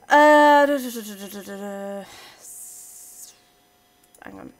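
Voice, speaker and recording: A woman's voice: mid-range voice, slow pace, long pauses. A woman giving casual let's-play commentary, chatting playfully to her game units as she plays. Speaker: gaming channel host.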